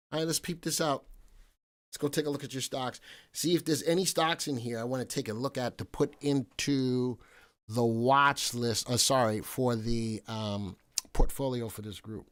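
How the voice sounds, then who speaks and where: A casual, talkative man runs a live market stream from his desk mic. He greets viewers by name and teases them. He spells out ticker symbols letter by letter and riffs on them as he goes. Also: medium pitch. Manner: chatty, jokey, reads viewer names and tickers aloud. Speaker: livestream stock analysis host.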